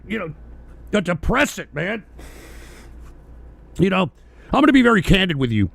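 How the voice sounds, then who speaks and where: A man's voice: sits high, gravelly, a bit bright, dry recording. A man from the United States hosting a radio show, delivering a heated, profane political rant and repeating himself.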